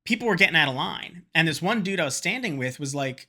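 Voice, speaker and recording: A man's voice: on the high side, lively intonation, fast talker, hardly any pauses, pushed and bright. A man vlogging, telling a rambling, profane story in a casual chat to camera and slipping into quoted voices.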